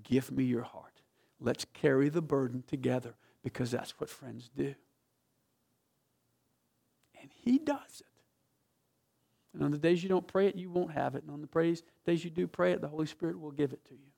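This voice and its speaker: A man preaching a sermon as pastor, telling a story with passion, swinging from loud to hushed. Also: on the high side, animated, normal speed, vocal fry, long pauses. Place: church sanctuary.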